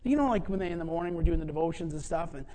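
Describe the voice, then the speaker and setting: A middle-aged preacher giving a sermon in a conversational, animated way, often acting out what others said. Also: medium pitch, racing, noisy background. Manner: animated, acts out quoted dialogue; conversational, many fillers and restarts. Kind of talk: sermon storytelling.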